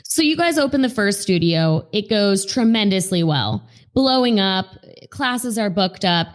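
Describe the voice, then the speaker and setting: A woman's voice: medium pitch, animated, a little slow. A woman hosting a casual podcast interview, chatty and enthusiastic, with a loose, conversational way of asking questions. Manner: chatty, enthusiastic, uses fillers like "like" and "you know". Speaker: podcast host.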